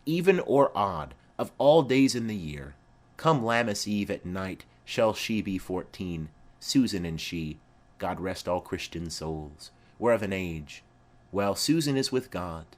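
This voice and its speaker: A man's voice: deep voice, lively intonation, a little slow. A man reading the part of a garrulous old female nurse who rambles on with chatty asides.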